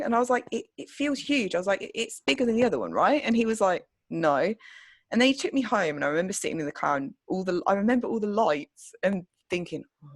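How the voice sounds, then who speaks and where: A woman's voice: on the low side, no echo. Young woman, podcast co-host, rambling chatty storyteller, dry mic. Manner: chatty storytelling with many "like"s, swears freely. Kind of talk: casual chat.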